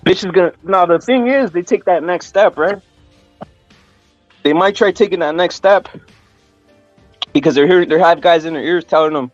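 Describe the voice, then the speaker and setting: A man hosting a casual stream, talking crudely and rambling, his voice raspy from smoking. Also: fairly high pitch, normal speed, dry recording, muffled recording, soft background music. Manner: crude, rambling, lots of "bro". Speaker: podcast host. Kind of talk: casual livestream chat.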